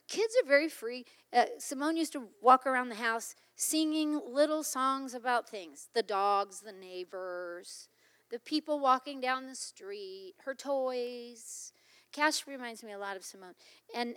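A woman's voice: on the high side, in a large hall. A middle-aged woman preaching a sermon in a conversational, emphatic way, often acting out little exchanges of dialogue.

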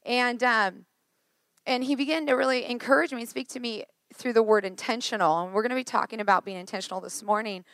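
A woman in her thirties preaching a sermon, chatty and joking, her voice a little worn and hoarse. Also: a little high, fast talker, dry recording. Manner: chatty, joking, lively asides. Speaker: pastor.

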